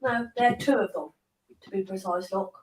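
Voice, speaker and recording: A woman's voice: mid-range voice, brisk, slight background noise. A woman, the host's wife, chatting bluntly in a casual live stream. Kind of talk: casual chat.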